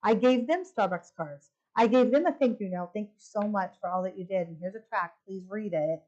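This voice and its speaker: At a women's retreat, a middle-aged retreat speaker shares her testimony through lively storytelling, performing the dialogue herself. She speaks at medium pitch and a moderate pace, and the sound is lo-fi.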